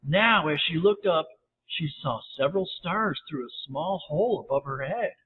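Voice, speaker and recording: A man narrating a bedtime story gently, with lively read-aloud voices. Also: on the high side, moderate pace. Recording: tinny phone-like audio, faint hiss.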